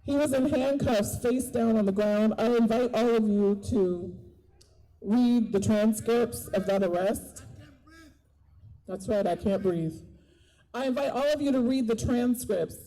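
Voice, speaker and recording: A woman's voice: on the high side, measured pace, dark tone, low-quality recording. A woman giving an impassioned outdoor protest speech, earnest and repeating key phrases for emphasis. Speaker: rally speaker and doula. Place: outdoor park rally.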